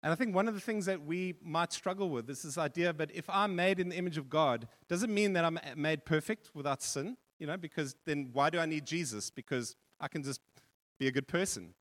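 A male pastor preaching a sermon in a church hall, telling a story with animated repetition. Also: a little high, a little fast. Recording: long reverb of a church hall.

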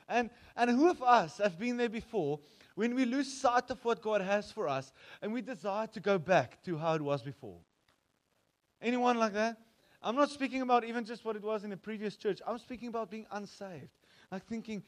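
Man, pastor, South African accent, sermon, conversational storytelling, slightly high voice. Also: lively intonation, moderate pace.

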